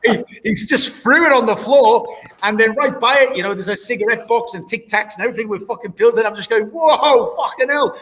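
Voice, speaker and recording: High-voiced man telling stories. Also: fast talker, slight background noise. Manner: animated anecdotes, swears and laughs a lot. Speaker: guest, former doorman. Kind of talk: casual storytelling.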